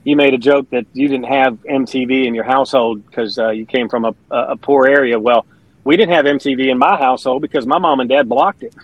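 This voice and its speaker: A man's voice: medium pitch, fairly even intonation, fairly quick, no echo, dull audio. A middle-aged man, telling stories as an interview guest in an earnest, chatty way. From Kentucky, USA. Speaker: interview guest, country singer and pastor. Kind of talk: casual interview storytelling.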